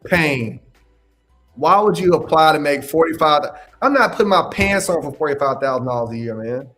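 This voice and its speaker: A young man hosting a casual livestream Q&A as a mentor. He talks in an animated, slangy way, laughs often and repeats his phrases. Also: on the high side, normal speed, faint music behind. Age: young adult. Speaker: independent adjuster mentor hosting a live Q&A.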